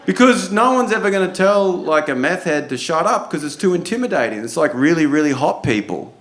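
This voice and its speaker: A man's voice: a little high, very animated, a little fast, fairly bright tone. A man with an Australian accent doing stand-up in a comedy club, talking in a loose, profane, conversational way. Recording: echoey club with audience noise.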